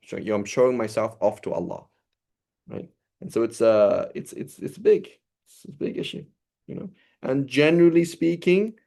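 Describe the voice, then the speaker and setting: A man's voice: medium pitch, a little mellow. A man teaching an informal sermon, conversational and loose, often checking in with "right?". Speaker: religious teacher.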